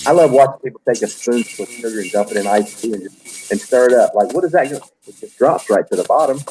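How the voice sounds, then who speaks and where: A man in his fifties from the Deep South with a Southern accent, a show host telling rambling stories in casual chat. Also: fast, dark tone, a little hiss or hum, low-quality recording. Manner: rambling storyteller, many "like" and restarts. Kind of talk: casual chat while canning.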